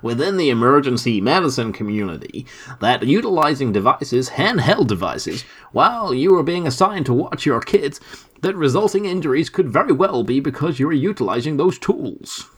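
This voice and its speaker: A man's voice: medium pitch, big pitch swings, moderate pace, husky. A man doing a doctor in a wandering fake accent. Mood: mock-serious. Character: male doctor in a muddled put-on foreign accent.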